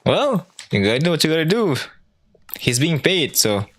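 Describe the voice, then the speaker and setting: A man's voice: a little high, normal speed, a little hiss or hum. Blunt man reacting in short quips. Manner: blunt, swearing, deadpan quips. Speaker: streamer reacting to clips. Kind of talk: casual reaction commentary.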